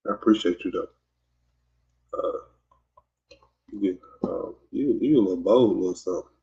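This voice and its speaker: A man's voice: low-pitched, moderate pace, gravelly, dark tone, husky. A man from Mississippi with a Southern accent, hosting a podcast in casual livestream chat, rambling and teasing. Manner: rambling and teasing, many fillers and restarts. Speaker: podcast host. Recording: dull lo-fi sound.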